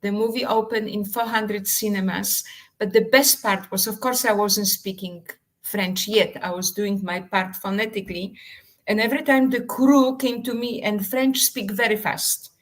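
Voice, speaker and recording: Woman guest, dramatic storyteller, slightly non-native English, mid-pitched. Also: fairly even intonation, moderate pace, poor audio. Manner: dramatic storyteller, emphatic and theatrical. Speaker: author and actress, guest. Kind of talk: animated anecdote in a live interview.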